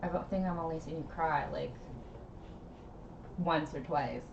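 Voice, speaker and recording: A woman co-hosting a casual talk stream, relaxed and quick to laugh. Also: deep voice, gravelly, a crowd in the background. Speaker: co-host. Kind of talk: casual chat. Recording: distant, roomy, muffled mic.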